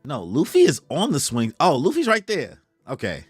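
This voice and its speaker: A young man reacting live to a comic chapter, reading its lines aloud in slangy, animated casual talk and laughing often. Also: a little high, moderate pace, slightly rough, no room sound, soft background music. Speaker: streamer reacting to a manga chapter.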